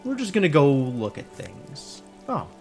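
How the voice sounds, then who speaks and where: A man streaming a video game live, musing aloud as he plays. His voice sits a bit high and swings widely in pitch. He rambles, jokes with himself and reacts out loud. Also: a little slow, creaky, faint music behind. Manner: animated, rambling, self-amused. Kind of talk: live gameplay commentary.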